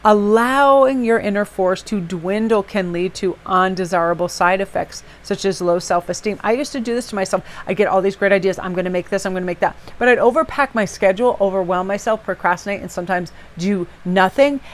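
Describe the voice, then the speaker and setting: A woman's voice: mid-range voice, a little fast, hardly any pauses. A woman giving a casual tarot reading to viewers, chatty and rambling, with personal asides and many "you know"s. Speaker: tarot reader.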